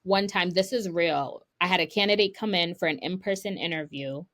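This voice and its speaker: Animated young woman telling stories. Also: fairly low pitch, moderate pace. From United States, of Haitian parents. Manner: animated storyteller, acts out quoted dialogue. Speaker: guest tech sourcer. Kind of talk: casual podcast chat.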